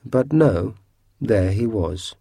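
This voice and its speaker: Brief: measured male story narrator, dark warm tone. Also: on the low side, animated, gravelly, husky, no room sound, clean studio sound. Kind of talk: storybook reading.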